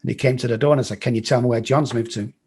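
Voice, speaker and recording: Rapid-fire and steady in tone, this medium-pitched voice is darkish and slightly rough. It belongs to a middle-aged man from England with an English accent who, as an interview guest, bluntly recounts his life, swears freely and mimics other people's lines.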